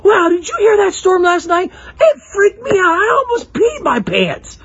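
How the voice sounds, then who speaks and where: A man's voice: very high-pitched, very animated, normal speed, a bit bright, highs cut off, pitched above the performer's own voice, full character voice. A man putting on the voice of a panicky young sibling, whiny and breathless. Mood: panicked.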